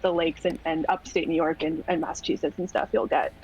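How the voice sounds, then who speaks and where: A woman's voice: deep voice, steady tone, fairly quick, a little mellow, muffled recording, slight background noise. Chatty woman player at a game table. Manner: chatty, explains things at length. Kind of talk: casual chat at a tabletop game.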